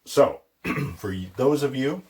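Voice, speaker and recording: Lively, slow-talking male teacher. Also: mid-range voice. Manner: playful, jokey asides; repeats words slowly for pronunciation. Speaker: language teacher. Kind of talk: casual explanatory lesson.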